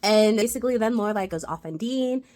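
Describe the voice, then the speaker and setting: A woman's voice: medium pitch, quick pace, warm tone. A woman giving a casual, chatty recap of a TV episode, retelling it with lots of "like" fillers. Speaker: TV rewatch reviewer.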